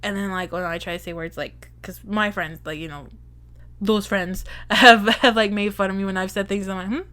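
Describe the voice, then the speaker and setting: A woman's voice: medium pitch, fairly even intonation, normal speed, a bit bright. A woman from Arizona co-hosting a casual movie podcast, chatting in a rambling way with lots of fillers. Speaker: podcast co-host. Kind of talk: casual chat.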